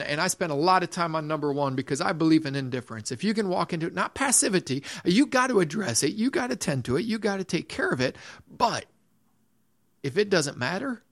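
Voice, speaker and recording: This pastor's voice runs on the high side, fairly bright with some vocal fry. He preaches earnestly, repeating phrases and restarting sentences, and reads scripture aloud in old-fashioned phrasing.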